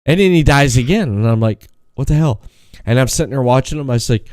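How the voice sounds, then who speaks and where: A man co-hosting a podcast, ranting in a profane, animated way and acting out quotes in a raised voice. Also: medium pitch, fast talker, no echo, studio quality. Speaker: podcast co-host. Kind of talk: casual podcast chat.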